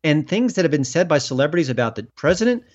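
Guy critic getting worked up, kinda high voice, muffled lo-fi audio. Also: sing-song, quick pace. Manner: emphatic, rising pitch when indignant. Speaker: film critic guest. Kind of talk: political interview. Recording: dull lo-fi sound.

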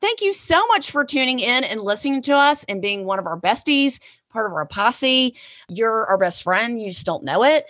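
A woman's voice: on the high side, big pitch swings, moderate pace, a bit bright, no room sound. A woman hosting a podcast, chatting in a bubbly, teasing way. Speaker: podcast host. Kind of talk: casual chat.

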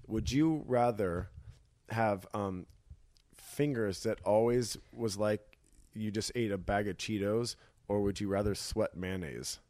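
A man's voice: on the low side, slow pace, a little mellow. A young man guesting on a podcast, chatting casually with a playful, self-mocking sense of humor. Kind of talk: casual chat.

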